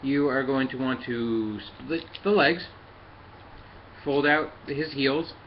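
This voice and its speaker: A man talks through a hands-on toy review in a mid-pitched voice, pausing often with fillers as he works the parts. The recording sounds a little dull and lo-fi, with a faint hiss underneath. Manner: halting, many fillers, talks while handling the toy. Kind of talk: casual hands-on review and demonstration.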